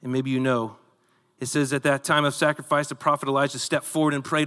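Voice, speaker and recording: Male pastor, sermon delivery, animated storyteller, bright tone, church hall reverb. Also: medium pitch, fairly quick, clear, resonant tone. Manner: animated storytelling, acts out voices.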